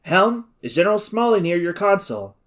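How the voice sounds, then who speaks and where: A man's voice: high-pitched, big pitch swings, fairly quick, fairly bright tone, pitched above the performer's own voice. Man playing a commanding officer, urgent orders, clipped, audiobook reading. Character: commanding male officer in a crisis.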